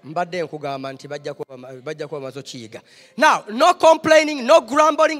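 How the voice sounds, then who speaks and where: A man preaching to a church congregation with a very high-pitched voice. He delivers his sermon in short phrases and waits for them to be interpreted, then builds up to shouted praise. His voice rings with the long reverb of a large church hall. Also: sing-song, moderate pace. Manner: preaching with call-and-response, rising to shouts. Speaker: pastor. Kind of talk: sermon, English and Luganda.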